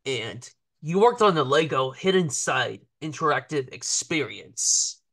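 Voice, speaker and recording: Guy hosting his podcast from his room, kinda high voice, short soft questions. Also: expressive, a little slow, gravelly. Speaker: podcast host. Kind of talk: interview questions.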